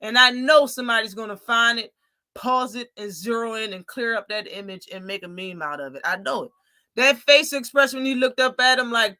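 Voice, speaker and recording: A woman's voice: a little high, normal speed, sharp tone, dry recording, clean studio sound. A woman hosting a casual post-fight livestream, talking animatedly and profanely and mocking people with impressions. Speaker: boxing live-stream host.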